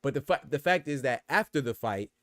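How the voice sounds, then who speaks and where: A man hosts a podcast in a loose, slangy, conversational way and keeps answering his live chat. His voice sits at an ordinary middle pitch. The recording is close and dry. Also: lively intonation, brisk, fairly bright tone, no echo. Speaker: boxing podcast host. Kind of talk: casual podcast commentary reading live chat.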